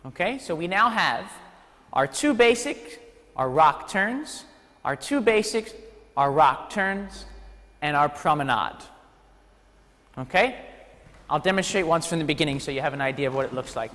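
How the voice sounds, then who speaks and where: An energetic man teaching a ballroom class, calling out counts with a lively, swooping delivery and a fairly high voice. His words ring out with a long reverb. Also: unhurried, pauses often. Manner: energetic, counts steps aloud, playful asides. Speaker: dance teacher. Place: dance studio hall.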